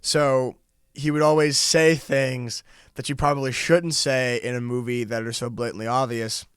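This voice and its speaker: Young man in smooth, dry podcast chat. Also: medium pitch, little pitch movement, fairly bright tone, no echo. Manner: chatty, quick to laugh, talks in run-on asides. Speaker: podcast co-host. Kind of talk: casual chat.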